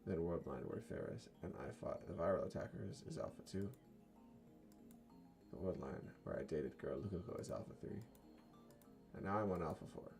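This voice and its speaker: A man reads a visual novel aloud in a brooding, low-key first person. His voice sits very deep with a gravelly, mellow grain. Faint music plays under him. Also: moderate pace, long pauses. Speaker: narrator.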